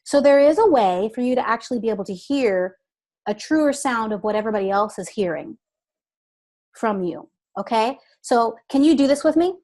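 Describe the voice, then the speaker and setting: A woman voice coach explaining exercises in a deliberate, patient way. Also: on the high side, lively intonation, warm tone. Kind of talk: instructive interview talk.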